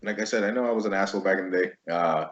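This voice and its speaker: A man hosting a casual veterans' interview, swearing freely and telling stories in an animated way. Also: low voice, racing, lo-fi sound. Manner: profane, animated storytelling. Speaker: host.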